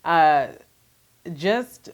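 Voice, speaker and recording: Soft-spoken woman reflecting to camera. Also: deep voice, expressive, extremely slow, highs cut off. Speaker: vlogger sharing her grief. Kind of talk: candid personal talk to camera.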